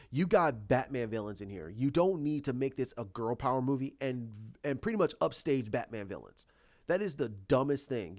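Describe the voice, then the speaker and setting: A man's voice: mid-range voice, darkish tone. A man giving his opinions in a casual vlog, ranting in an opinionated way. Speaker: YouTuber. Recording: dull lo-fi recording.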